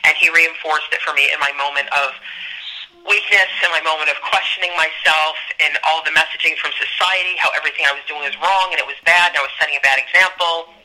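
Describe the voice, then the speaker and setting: A woman's voice: low voice, steady tone, quick pace, bright, forceful tone, rough recording. A middle-aged woman telling a personal story as a podcast guest, speaking in an earnest, reflective and emphatic way.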